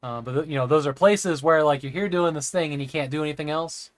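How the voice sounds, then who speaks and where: Chatty male streamer, a bit high. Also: quick pace. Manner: rambling, chatting with viewers; occasionally stammers over words. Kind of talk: live gameplay stream chat.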